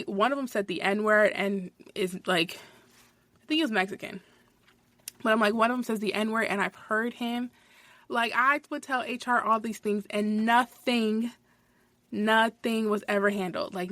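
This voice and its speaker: A woman's voice: a little high, a bit bright, no echo. A young woman podcast host telling a story in a casual, blunt rant, swearing often and saying "like" a lot. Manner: blunt and profane, heavy filler "like".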